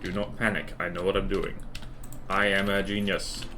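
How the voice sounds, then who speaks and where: A man's voice: low-pitched, level tone, moderate pace, sharp tone, a little hiss or hum. A man live-streaming a building game, chatting with his viewers and thinking aloud in a playful, self-mocking way.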